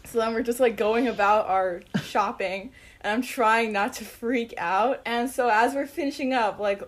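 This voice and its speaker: A young woman excitedly telling a casual story, giggling often and using lots of fillers. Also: on the high side, moderate pace.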